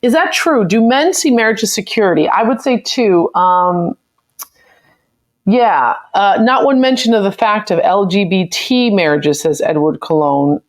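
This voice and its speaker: A woman's voice: medium pitch, expressive, a little slow. An American woman hosting a live stream, reading viewer comments aloud and reacting to them in a chatty, opinionated way. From United States. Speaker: livestream host.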